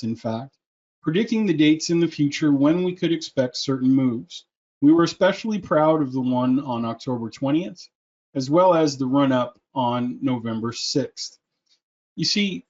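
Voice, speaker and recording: A man's voice: a little high, a little mellow. A man presenting a webinar in a persuasive, salesy way, with joking asides, over a computer mic. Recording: muffled lo-fi audio.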